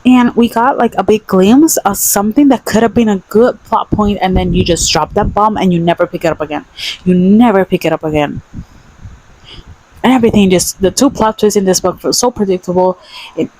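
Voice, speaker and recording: A woman's voice: medium pitch, fairly quick, a little mellow, no echo, rough recording. A young woman vlogging a casual book review, emphatic and exasperated, repeating her points.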